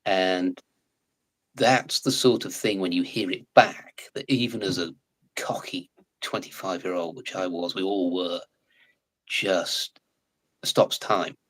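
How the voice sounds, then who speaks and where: An English man telling stories in a casual live chat, animated, laughing often and slipping into other accents. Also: low-pitched, slow pace, poor audio. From England. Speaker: actor guest.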